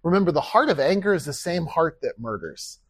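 A man's voice: fairly high pitch, big pitch swings, brisk, breathy edge, dry recording. A man preaching a sermon as pastor, earnest and conversational, with rhetorical questions and acted-out quoted speech.

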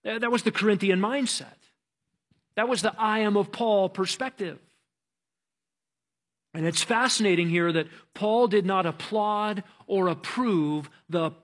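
A man's voice: high-pitched, fairly bright tone. A man preaching a sermon as pastor, earnest and emphatic, often restarting his words.

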